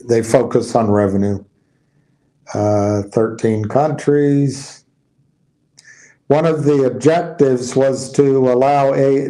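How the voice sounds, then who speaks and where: Male commentator, slow and laid-back, reads headlines and riffs on them, restarts sentences freely. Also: medium pitch, mellow, poor audio. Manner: musing, reads headlines aloud and explains them; loose, restarting sentences, tired and yawning. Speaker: stock commentator. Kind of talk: casual market commentary.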